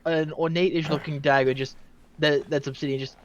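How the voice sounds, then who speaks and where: A man's voice: on the high side, level tone, a little fast, dull audio. A man playing a tabletop role-playing game, narrating the action and slipping into a character voice.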